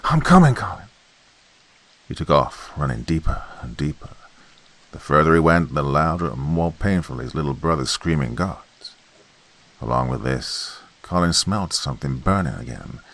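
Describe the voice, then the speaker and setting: A man tells a horror tale in a very deep, gravelly voice. His delivery is folksy, like a campfire telling, and moves between loud bursts and hushed lines. The tone is husky. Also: moderate pace. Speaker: horror podcast narrator. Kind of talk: dramatic horror storytelling.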